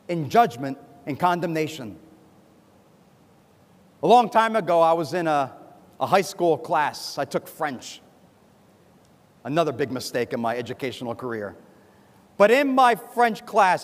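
A man preaching a sermon as pastor, animated and acting out other people's voices. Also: on the high side, a little slow, long pauses. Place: church sanctuary. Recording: long hall reverb from a church.

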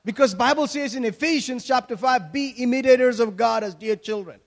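A man from Kerala with an Indian accent, preaching an energetic sermon, shouting and laughing with playful asides. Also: very high-pitched, brisk.

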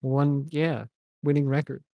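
A man's voice: a little high, little pitch movement, measured pace, creaky, mellow, no room sound. A young man co-hosting a podcast, joking around in casual chat, swearing and laughing often. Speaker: podcast co-host.

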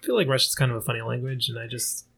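An American man hosts a relaxed podcast conversation over drinks. He talks loosely and laughs easily between his jokes. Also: mid-range voice, rapid-fire, gravelly, husky. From United States. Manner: laughs often, loose and joking. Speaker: podcast host. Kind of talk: casual podcast chat while drinking.

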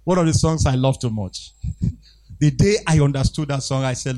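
A man's voice: mid-range voice, moderate pace, a little mellow. A man preaching a sermon as pastor, exhorting the congregation with call-and-response and emphatic repetition. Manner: emphatic, repeats phrases.

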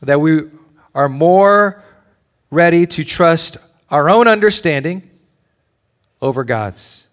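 A pastor with a slightly higher-pitched male voice delivers a sermon. He moves between animated storytelling and hushed, almost whispered reflection. He speaks as a father addressing a congregation. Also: slow pace, pauses often. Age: adult with children. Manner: animated storytelling, drops to a near whisper at tender points.

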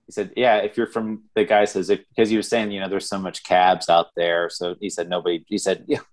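A man's voice: deep voice, level tone, brisk. A man co-hosting a podcast, chatting casually about a film, rambling with many fillers and restarts. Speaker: podcast co-host. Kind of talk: casual movie review chat.

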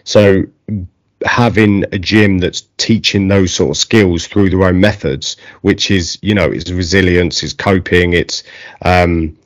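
Man, essex accent, podcast host, very low voice, dry close sound, chatty with fillers. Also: a little slow, dry recording. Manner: relaxed, chatty, many fillers. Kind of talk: casual interview chat.

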